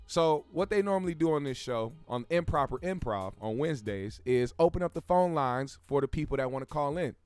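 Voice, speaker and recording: Rambling young man with a smooth voice. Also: fairly high pitch, animated, brisk, few pauses, darkish tone, dry recording, faint music behind. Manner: profane, rambling, frequent restarts. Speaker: host. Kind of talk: casual pop-culture commentary.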